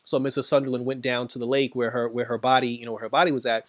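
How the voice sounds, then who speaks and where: A man giving a casual, animated recap of a TV episode, acting out what the characters said and laughing often. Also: mid-range voice, quick pace, no echo. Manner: animated retelling, quoting characters, frequent laughs. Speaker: TV episode reviewer.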